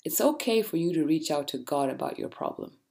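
A woman hosting a podcast, talking straight to listeners with blunt, animated, faith-based encouragement. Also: low-pitched, a little fast, creaky. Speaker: podcast host. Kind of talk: casual motivational monologue.

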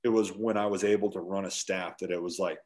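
A man, a former pro catcher in his forties, telling stories from his playing days in a casual interview, acting out shouted lines as he goes. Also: low voice, fast talker. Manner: animated storyteller, acts out yelling quotes.

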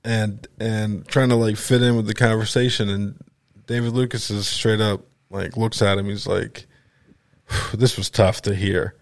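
Animated storytelling man, dry close sound. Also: fairly low pitch, a little slow, vocal fry, no echo. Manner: animated, acts out other people's lines with profanity and laughter. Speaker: podcast host. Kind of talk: casual storytelling chat.

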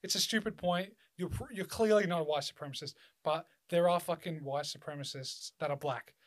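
A man's voice: a little high, a little fast. A man in casual podcast chat, swearing a lot and talking emphatically with many restarts.

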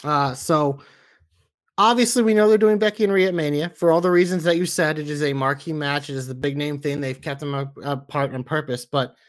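A man co-hosting a wrestling podcast, talking through his ideas in a measured, hedging way. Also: on the high side. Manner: measured, thinking aloud with hedges. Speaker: podcast co-host. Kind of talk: casual wrestling podcast chat.

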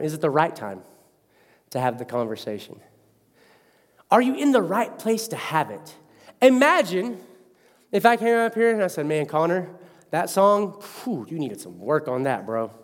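A man preaching a sermon as pastor, animated and acting out the voices in his stories. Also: on the high side. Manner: animated storyteller who acts out quotes. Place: church. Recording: long hall reverb.

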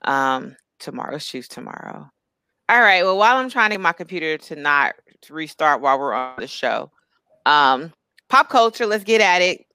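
Young woman, podcast co-host, blunt and profane, swooping animated pitch, dry close sound. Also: normal speed, clean tone, no room sound. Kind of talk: casual chat.

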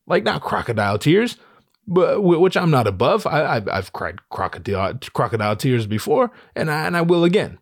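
A man's voice: a little high, very animated, normal speed, breathy edge, no room sound. Rambling, profane man, dry close sound. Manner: rambling, profane, with frequent stammered restarts. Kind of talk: casual solo monologue.

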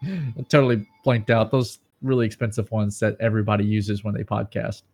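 A man's voice: fairly low pitch, fairly quick. An American man with a Southern twang, hosting a casual podcast chat over a call and joking around with his co-hosts. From United States. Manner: joking, animated, drifts into a put-on twang. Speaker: podcast host.

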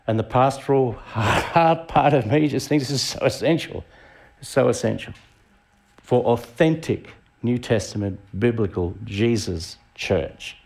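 A man's voice: medium pitch, unhurried, a little mellow. A middle-aged Australian man preaching a sermon in a conversational way, asking the congregation questions. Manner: conversational, asks the audience rhetorical questions. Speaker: visiting preacher.

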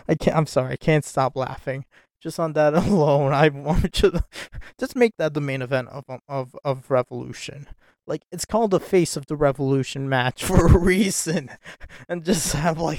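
A man's voice: on the high side, measured pace, darkish tone, no echo, clean studio sound. A man hosting a casual wrestling talk show alone, rambling with many fillers and restarts and often breaking into giggles. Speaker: wrestling podcast host. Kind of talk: casual solo commentary.

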